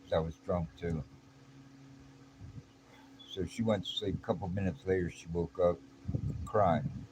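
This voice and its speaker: A middle-aged man tells a story from his own life in a casual, blunt, streetwise way. His voice sits very low, and his slangy speech is full of restarts. Steady background noise runs under the recording. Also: measured pace, pauses often. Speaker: vlogger.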